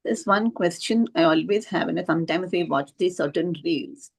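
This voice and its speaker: Woman questioner, husky and creaky, unsure phrasing. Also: on the low side, normal speed. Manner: hesitant, searching phrasing with fillers. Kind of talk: casual question.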